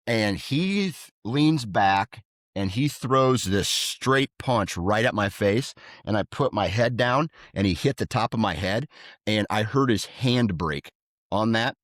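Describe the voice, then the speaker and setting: With a fairly low pitch and a slow delivery, the podcast co-host recounts stories casually and acts out others' words in a raised, animated voice. Clean studio sound, no room sound.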